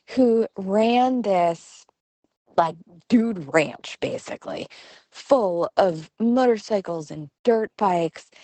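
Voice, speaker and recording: A middle-aged woman hosting a podcast, telling a personal story in a lively way and acting out the voices of people she quotes. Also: mid-range voice, no room sound. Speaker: podcast host. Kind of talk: storytelling monologue.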